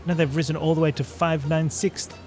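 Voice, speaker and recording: A man voicing a nervous little kobold creature that repeats every phrase with three synonyms, reading game dialogue over loud game music. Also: fairly high pitch, little pitch movement, a little fast, close to an everyday voice. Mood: indignant.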